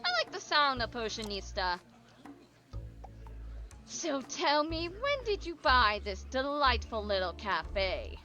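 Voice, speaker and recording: A woman playing a vain sea witch, drawn-out diva delivery, bright tone, lively melody. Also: sits high, faint music behind, exaggerated voice. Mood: haughty. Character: pompous fabulous sea witch, female, grand and vain.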